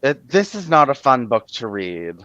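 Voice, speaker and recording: A man's voice: mid-range voice, big pitch swings, normal speed, pushed and bright, no room sound. A man hosting a casual live stream, blunt and exasperated, swearing now and then. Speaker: stream host. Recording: dull lo-fi, dry sound.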